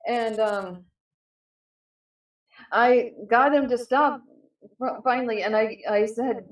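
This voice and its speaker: Woman telling a story in an echoey room. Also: a little high. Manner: halting, many fillers and restarts. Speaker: panel guest. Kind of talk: casual storytelling on a live stream. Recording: echoey distant mic.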